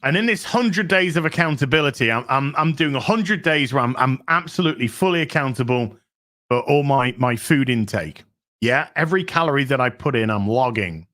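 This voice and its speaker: Excitable bright-voiced male streamer. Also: medium pitch, fairly quick. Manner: excitable, swears, chats to viewers. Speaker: streamer host. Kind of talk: live stream commentary.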